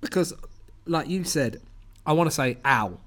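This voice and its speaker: A man's voice: mid-range voice, animated, a little fast. Chatty man telling a story. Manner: storytelling, laughing along, chatty. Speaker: podcast co-host. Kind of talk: casual chat.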